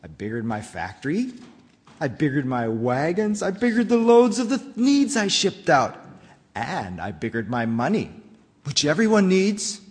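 A man's voice: fairly high pitch, big pitch swings, long reverb tail. A man voicing a greedy factory owner who tells his own story in rhyme, read aloud in a church. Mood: boastful. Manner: rhyming storybook narration, slow and dramatic.

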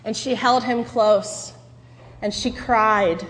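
A woman pastor preaching a sermon, telling a story in an earnest, measured way. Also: fairly high pitch, fairly even intonation, fairly bright tone, big-room sound.

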